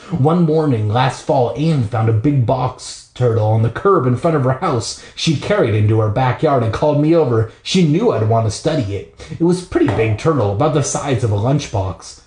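A man's voice: medium pitch, darkish tone, echoey room. A man hosting a podcast, reading a children's book aloud with irreverent, profane comic asides, recorded in a bathroom.

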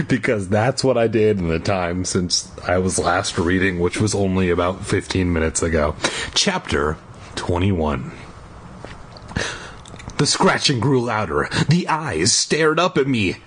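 A man's voice: fairly low pitch, breathy edge. A man reading a children's book aloud in a casual way, breaking off for irreverent, profane jokes. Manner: irreverent, profane, jokey commentary. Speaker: amateur audiobook reader. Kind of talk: casual read-aloud with joking asides.

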